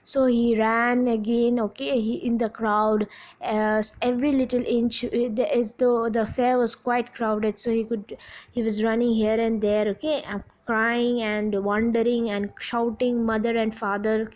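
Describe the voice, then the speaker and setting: Hesitant Indian woman teacher, highish voice. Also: little pitch movement, a little mellow, rough recording. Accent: Indian English. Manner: halting, checks in with frequent "okay?" and restarts. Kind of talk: recorded class lecture retelling a story.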